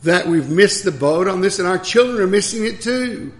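An older man preaching a sermon, reading scripture and telling folksy stories about his life and his late wife, in a gravelly voice. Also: high voice, lively intonation, moderate pace.

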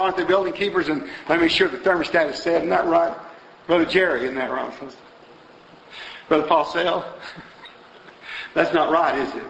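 A man preaching in a church auditorium, his bright, fairly high voice pressing the congregation with question after question. It rings out in a roomy hall with a long reverb, caught from a distance. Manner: exhorting, rhetorical questions, rising to emphatic peaks. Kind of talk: sermon with invitation.

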